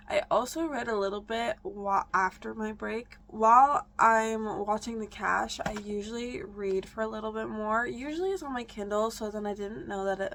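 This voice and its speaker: A woman's voice: medium pitch, a bit bright, a little hiss or hum. A young adult woman chatting casually in a reading vlog, rambling and correcting herself as she goes. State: out of breath. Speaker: book vlogger.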